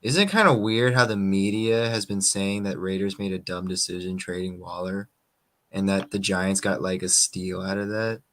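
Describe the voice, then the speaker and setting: A man from the East Coast of the US giving his view calmly in a casual sports discussion. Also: low-pitched, moderate pace, dry recording.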